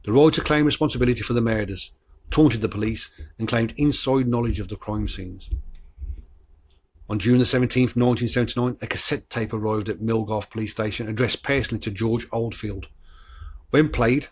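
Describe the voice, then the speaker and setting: A man's voice: medium pitch, fairly quick, husky. A man hosting a true-crime podcast, talking bluntly with swearing, stumbles and restarts, and reading from his notes. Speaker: podcast host.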